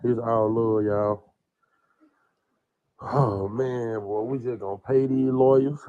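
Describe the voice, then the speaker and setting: A man's voice: medium pitch, fairly even intonation, slow pace, dry recording, narrow, tinny audio. A man, crying and rambling in an emotional, profane livestream rant. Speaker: man under investigation speaking on a livestream.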